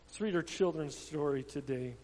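A man reading a children's Bible story aloud to a congregation with dramatic, expressive delivery. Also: fairly high pitch, normal speed. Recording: long hall reverb, faint hum.

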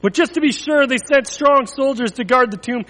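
Man with a high voice in a reverberant church hall. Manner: expressive storytelling, dramatic pauses, drops to near whisper. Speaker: pastor. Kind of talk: children's story reading then church announcements.

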